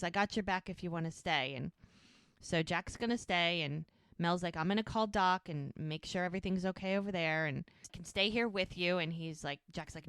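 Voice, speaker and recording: Bright-voiced woman recapping a show. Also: on the low side, clear, resonant tone, dry recording. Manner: retells scenes, acting out lines in quick voices. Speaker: podcast co-host. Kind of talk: casual recap of a TV episode.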